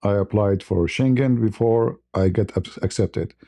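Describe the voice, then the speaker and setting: A man's voice: lowish voice, unhurried, dark tone. A man from the Middle East, a channel host, telling a story on a livestream in broken conversational English and chuckling often.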